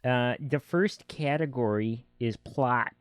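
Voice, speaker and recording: A man's voice: mid-range voice, clear, resonant tone, no room sound. A Canadian man co-hosting a podcast, chatting casually and jokingly about a film. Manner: joking, acts out quick silly voices. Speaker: podcast co-host. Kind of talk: casual film review chat.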